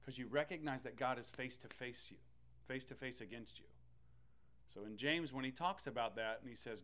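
A man preaching a sermon in an animated, conversational way, with loud bursts and playful asides. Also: mid-range voice, fairly quick. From Texas. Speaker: pastor.

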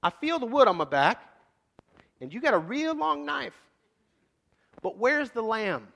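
A man voicing a sharp, cheeky teenage boy in a sermon. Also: very high-pitched, sing-song, unhurried, vocal fry, voice pushed up, heavily acted. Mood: curious.

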